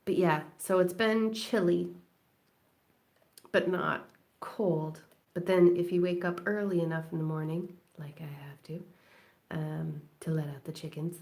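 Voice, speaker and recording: Brief: woman live-stream crafting host, lowish creaky voice, chatty and rambling, laughs often. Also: warm tone. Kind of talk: late-night casual chat while crafting. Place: at home indoors.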